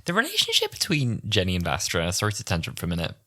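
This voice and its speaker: Man in his twenties, podcast co-host, low voice, lively swooping intonation, chatty and laughing. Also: fast. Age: 20s. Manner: chatty, animated, laughs often. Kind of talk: casual podcast chat.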